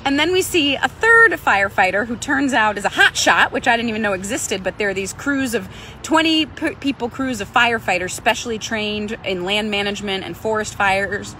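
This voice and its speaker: Pilates instructor, woman, higher register, conversational storyteller who voices the people in her story. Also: animated, moderate pace, sharp tone, slight background noise. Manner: conversational, acts out other people's lines. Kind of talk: personal storytelling.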